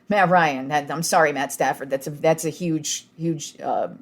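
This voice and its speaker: A young woman hosting a sports podcast, talking casually and excitedly, swearing freely and acting out what players said. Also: low-pitched, measured pace. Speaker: podcast host.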